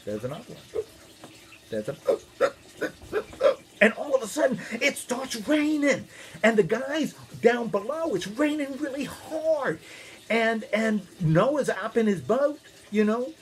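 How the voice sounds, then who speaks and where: Man, minister, children's storyteller, high lively voice, playful, asks questions. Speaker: minister telling children's stories.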